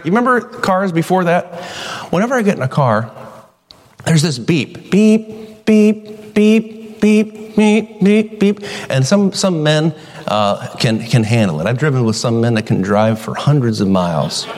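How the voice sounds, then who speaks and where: Male pastor, middle-aged, lively storytelling sermon, medium pitch, long church reverb. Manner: animated, folksy storytelling with sudden high-pitched acted quotes. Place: church sanctuary.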